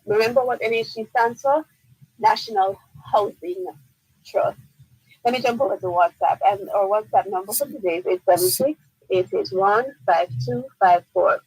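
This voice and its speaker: A woman's voice: mid-range voice, moderate pace, darkish tone, husky, no echo, rough recording. A woman with a Jamaican accent, a lawyer answering listener questions on a radio call-in show, explaining firmly and repeating key points. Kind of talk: radio call-in legal advice. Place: radio studio.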